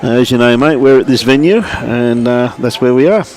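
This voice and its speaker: A man's voice: medium pitch, normal speed, a little mellow, some chatter behind. An Australian man giving live lawn bowls commentary at the club, chatty, greeting viewers by name and calling everyone mate.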